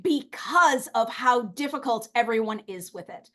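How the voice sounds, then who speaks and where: A woman chatting casually as a podcast guest, animated and outspoken, laughing often and acting out the people she quotes. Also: fairly high pitch, measured pace. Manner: animated, outspoken, playful swearing and put-on quoted voices.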